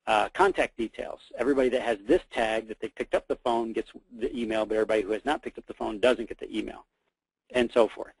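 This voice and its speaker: A man hosting a webinar, talking casually through a software demo, repeating words and calling his listeners guys. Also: lowish voice, steady tone, fast, husky, no echo, rough recording. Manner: casual, repeats himself, many fillers, addresses listeners as guys. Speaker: webinar host.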